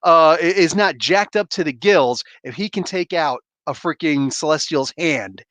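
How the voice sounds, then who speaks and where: A man's voice: on the high side, a little slow, fairly bright tone, no echo. A man hosting a casual comic book spoiler review, rambling enthusiastically with slangy asides.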